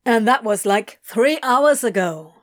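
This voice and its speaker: A woman's voice: fairly high pitch, expressive, unhurried. Woman playing Crowley, a cursing frazzled demon. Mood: frantic. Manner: loud, exasperated, cursing. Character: irritable swearing male demon, frantic.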